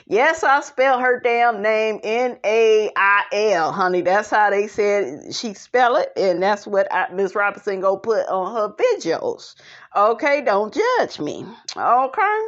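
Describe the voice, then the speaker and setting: A woman's voice: medium pitch, slow pace, muffled recording. A woman giving a sassy, casual gossip recap of a reality show, peppering her talk with "honey" and pointed asides. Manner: sassy, calls listeners honey, lively asides.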